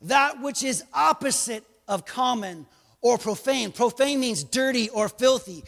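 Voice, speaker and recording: A man preaching a sermon as pastor, animated, with joking asides and bursts of raised emphasis. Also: extremely high pitch, measured pace, creaky, big-room sound.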